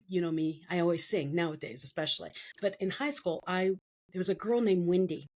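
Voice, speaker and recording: A middle-aged woman from the Philippines, a guest telling her life story in an interview, acting out the voices of the people she quotes. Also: fairly low pitch.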